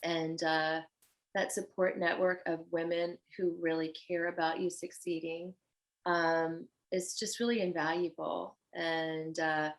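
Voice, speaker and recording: A fashion designer appears as a guest on a podcast interview, her low-leaning voice unhurried and the audio poor. Earnest and effusive, she becomes animated when recounting stories.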